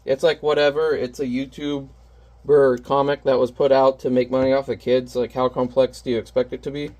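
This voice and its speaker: A man's voice: mid-range voice, level tone, moderate pace, a little mellow. A man who is a parent, chatting casually and candidly while painting on camera, rambling and self-deprecating. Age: adult parent.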